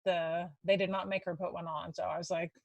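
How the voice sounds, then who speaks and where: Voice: mid-range voice, flat delivery, fairly quick, noisy background. An interviewer in casual chat, chatty and agreeable, who backs up the guest's points.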